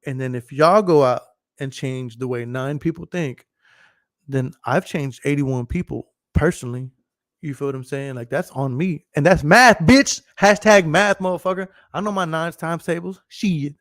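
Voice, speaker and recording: Speaking at a moderate pace in a mid-range voice, a thirtysomething male podcast host talks casually to his live stream. He's emphatic, swears, and laughs a lot, and the recording is dry.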